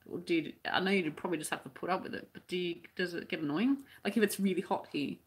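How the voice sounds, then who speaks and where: Chatty Australian woman, husky and low. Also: fast talker. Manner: chatty, rambling, with frequent restarts and fillers. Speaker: crochet teacher and live chat host. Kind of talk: live stream chat reading viewer comments.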